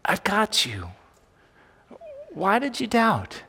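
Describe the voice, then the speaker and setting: A man in the pulpit voicing a calm, reassuring Jesus who speaks gently to his frightened followers. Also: high voice, slow pace, husky, voice pushed up, full character voice. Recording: long reverb of a large hall.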